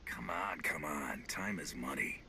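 A gruff, deep bounty hunter. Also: male voice, measured pace, pushed and bright, a little hiss or hum, exaggerated voice. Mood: impatient. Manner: curt, clipped.

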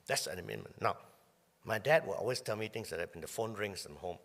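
A male pastor giving a conversational sermon, often clearing his throat as he talks. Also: on the low side, lively intonation, fast talker, long reverb tail. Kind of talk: sermon with personal storytelling. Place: church hall.

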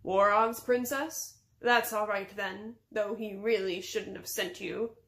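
A woman's voice: medium pitch, fairly even intonation, takes it slowly, vocal fry, fairly bright tone. A woman voicing a pompous, condescending young male wizard in a read-aloud storybook. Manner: lofty, condescending.

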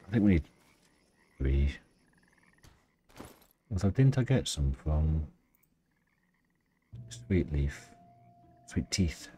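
A man with a very deep, mellow voice thinks aloud while playing a game. His talk is loose and musing, and a faint hiss sits behind it. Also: sing-song, drawn-out words, long pauses. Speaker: let's play host. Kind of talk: casual game commentary.

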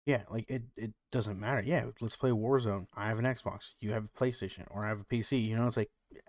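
A man's voice: on the low side, steady tone, fairly quick, no echo, studio quality. A man co-hosting a podcast, chatting casually and rambling, with lots of "like" and "you know". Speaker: podcast co-host. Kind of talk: casual chat.

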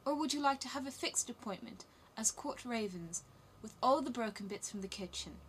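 A woman voicing a gracious young princess in a storybook reading, with a polite, gentle way of asking. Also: on the high side, animated, a little fast, a little hiss or hum. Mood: kindly.

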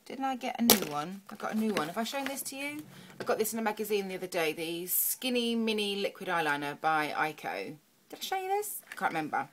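A woman's voice: mid-range voice, very animated, a little fast, slight background noise. A young woman chatting through a makeup tutorial, muttering to herself as she works. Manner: chatty, talks to herself while working, soft murmurs. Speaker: beauty vlogger.

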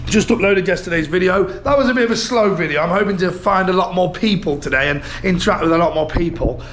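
A man's voice: high-pitched, fast. A British man vlogging outdoors on a busy city street, chatty and laughing as he rambles to his handheld camera. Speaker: travel vlogger. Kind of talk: casual vlog narration. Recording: loud street traffic behind.

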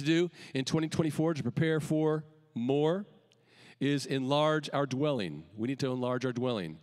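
A man preaching a sermon as pastor, calling out emphatic lines and then letting the ends drop quietly. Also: mid-range voice, animated, normal speed, big-room sound. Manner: emphatic preaching with rising calls and quiet dropped endings. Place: church sanctuary.

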